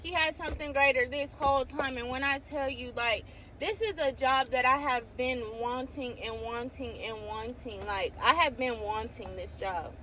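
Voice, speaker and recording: A woman with a somewhat high voice tells a faith testimony in a casual, excitable way, breaking into exclamations and reading scripture aloud. A faint hum of a vehicle sits behind her. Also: moderate pace. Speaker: faith vlogger.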